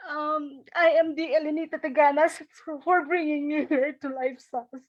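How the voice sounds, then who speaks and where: A woman's voice: sits high, fairly even intonation, moderate pace, few pauses, muffled recording. A middle-aged woman giving an emotional, grateful recognition speech from home, now and then tearing up and laughing through it. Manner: tearful, grateful, breaks into laughter.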